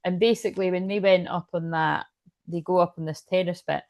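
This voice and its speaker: Woman, tarot reader, rambling chatty delivery, low-ish voice, gravelly fry. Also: steady tone, a little fast, darkish tone, no echo. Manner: chatty, meandering, frequent fillers and asides. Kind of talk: casual rambling tarot reading.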